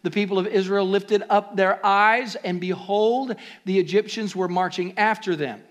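A man preaching a sermon as pastor, swinging from quiet, conversational asides to loud, rising exhortations. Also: high-pitched, fairly even intonation, normal speed.

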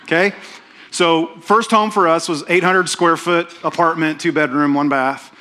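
A man's voice: a little high, steady tone, unhurried, bright, forceful tone, slight background noise. A middle-aged man, preaching a sermon as pastor in a conversational, self-deprecating way, often checking in with "right?". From Oklahoma, USA.

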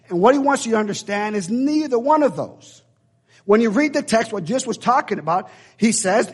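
A man's voice: very high voice, expressive, brisk, husky. A man preaching a sermon in an emphatic, repetitive, preacherly way.

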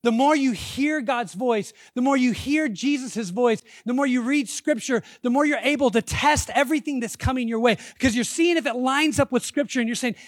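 A man preaching a sermon as pastor, conversational and animated, acting out quotes. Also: very high-pitched, normal speed, few pauses, no echo, studio quality.

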